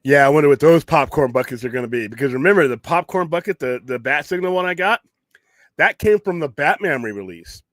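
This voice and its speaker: Fairly high-pitched and a touch fast, this man has lively intonation and a somewhat bright tone, recorded with no echo. He's a podcast host on a late-night geek talk show, opinionated and rambling, restarting often and swearing now and then.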